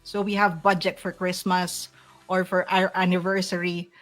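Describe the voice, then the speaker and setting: A woman's voice: fairly low pitch, little pitch movement, normal speed, faint music behind. A middle-aged woman with a Filipino accent, a guest speaking earnestly and emotionally about running her agency, often restarting her sentences. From Philippines. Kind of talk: heartfelt interview talk.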